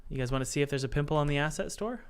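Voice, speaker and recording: Smooth-voiced playful man streaming game dev. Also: fairly high pitch, rapid-fire. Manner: playful, jokey, chats directly with the live chat; talks himself through software steps aloud. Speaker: indie game developer and streamer.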